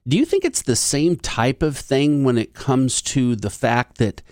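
A man's voice: medium pitch, sing-song, unhurried, a little mellow, no room sound, clean studio sound. A man co-hosting a talk show, asking long, hesitant questions with many fillers. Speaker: co-host.

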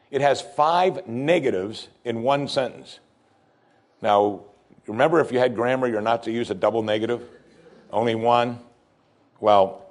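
A male pastor delivering a sermon, preaching emphatically with pitch that climbs and falls.

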